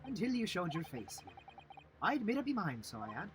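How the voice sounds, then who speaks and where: A man voicing a loud, pushy defendant in a video game, with a put-on Irish-Scottish lilt. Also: high-pitched, huge pitch swings, moderate pace, background noise. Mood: pleading. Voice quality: loud, brash, bossy. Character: brash Irish-sounding man on trial, pushy. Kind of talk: reading game dialogue aloud. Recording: game music behind.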